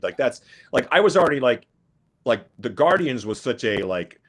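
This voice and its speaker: A middle-aged man talks as a podcast guest, his voice sitting fairly low. He wanders through his points in a loose, conversational way, often restarting sentences and adding asides. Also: expressive, a little fast, a bit bright. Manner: rambling, frequent restarts and asides. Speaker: guest musician. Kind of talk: casual podcast chat.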